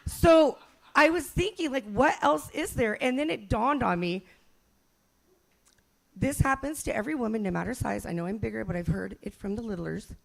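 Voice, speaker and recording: A woman's voice: a little high, animated, moderate pace, vocal fry. A woman in her forties doing a brash, profane, self-mocking stand-up comedy set.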